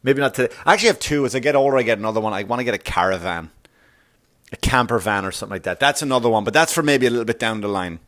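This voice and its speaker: A man's voice: mid-range voice, expressive, rapid-fire, fairly bright tone. Man, middle-aged, comedy podcast host, rambling profane monologue, laughs at own jokes.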